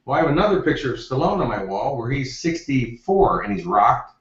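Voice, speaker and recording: A man's voice: medium pitch, big pitch swings, fairly quick. A man, a success coach, telling anecdotes in an interview with energy and acting out the quotes. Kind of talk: interview storytelling. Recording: roomy, distant, dull lo-fi.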